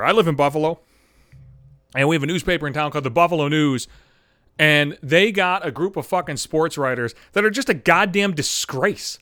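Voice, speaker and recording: Male podcast host, angry cursing monologue, stammers when heated, slightly high voice with a very lively pitch. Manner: angry, profane, heated ranting; stammering restarts when worked up. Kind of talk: solo podcast rant.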